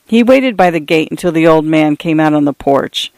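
A man's voice: a little high, animated, normal speed, darkish tone, no room sound. A man narrating a story as a scripted audiobook reading, lightly shading the characters' dialogue.

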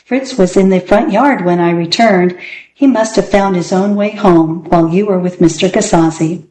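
A kind woman, gently amused, reassuring in a calm, even voice, as a storybook reader puts her on. It sounds roomy and echoey. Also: on the low side, moderate pace, a little hiss or hum, close to an everyday voice. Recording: roomy echo.

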